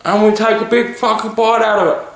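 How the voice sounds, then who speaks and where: A high, sing-song voice of a childish man-child cook, as a man puts him on, explaining each step slowly and earnestly. It is recorded far from the mic in a very echoey room. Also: fairly even intonation, creaky, fairly bright tone. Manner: slow, earnest, demonstrative kitchen-show explaining. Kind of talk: parody cooking segment.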